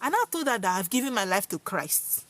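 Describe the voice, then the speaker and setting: A young Nigerian woman telling viewers a personal story in an expressive, dramatic way, her speech mixed with Pidgin. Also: mid-range voice, fairly quick. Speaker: vlogger.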